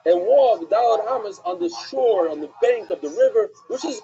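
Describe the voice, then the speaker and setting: A man teaching a live-streamed Talmud class, asking and answering his own questions in an animated way. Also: high voice, moderate pace, husky, highs cut off.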